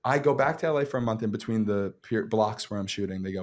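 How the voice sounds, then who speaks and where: A young man, an actor, telling his story on a casual podcast in a profane, animated way with many restarts. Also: fairly low pitch, fast. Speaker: actor guest.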